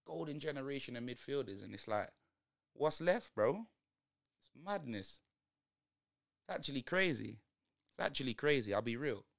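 A man's voice: mid-range voice, moderate pace, gravelly, pauses often. A young man with a London accent, streaming a live football watch-along and reacting to the match in heavy slang. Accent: London multicultural English. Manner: slangy, animated, exclaiming at the match.

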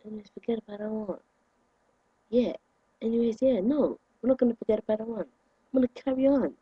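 A young man, ranting indignantly to his camera in a vlog, with sudden loud outbursts. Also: very high voice, fast talker, slightly rough, no echo, lo-fi sound. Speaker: vlogger.

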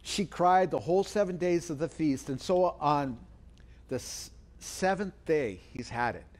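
A man's voice: animated, unhurried, a little mellow. A middle-aged man preaching a sermon as pastor, telling a story and acting out the quoted voices. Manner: storytelling, acts out quoted voices with big pitch swings.

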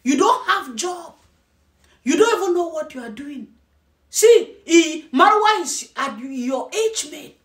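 A woman vlogger scolds and mocks in her commentary, hammering her points home with repetition. Her voice is high-pitched. It is heard in an echoey room. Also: expressive, slow. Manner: scornful, scolding, repeats herself for emphasis. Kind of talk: mocking reaction commentary. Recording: roomy echo.

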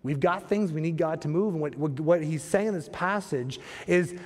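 A male pastor delivers a sermon in a church sanctuary, his fairly high voice trailing off into a long reverb. He keeps it conversational and often turns to the congregation with rhetorical questions. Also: normal speed, a little mellow.

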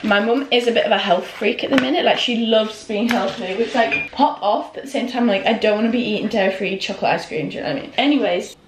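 A woman's voice: mid-range voice, roomy sound, slight background noise. A young woman vlogging casually at home, chatty and peppered with "like". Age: young adult. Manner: chatty, heavy use of "like". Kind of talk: casual vlog chat. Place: home kitchen indoors.

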